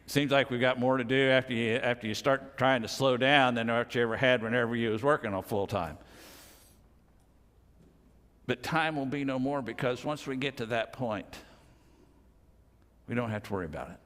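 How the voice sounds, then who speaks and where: An older man in his sixties preaching a sermon in a plainspoken, folksy way, with slow, emphatic pauses. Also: mid-range voice, a bit bright. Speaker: pastor. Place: church sanctuary. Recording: reverberant church hall.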